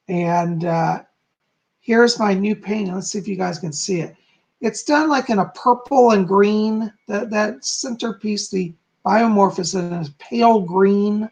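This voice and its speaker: A psychic hosts a casual live stream, rambling with many fillers as he reads out chat comments, his high voice hoarse as he keeps clearing his throat.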